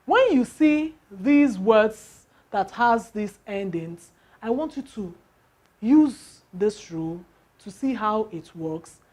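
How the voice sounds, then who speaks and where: A woman teaching word stress in an unhurried way. She spells endings out letter by letter and keeps asking the class questions, then answers them herself. Her pitch sits in the middle range. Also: dark tone. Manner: slow, spells out letters, asks rhetorical questions.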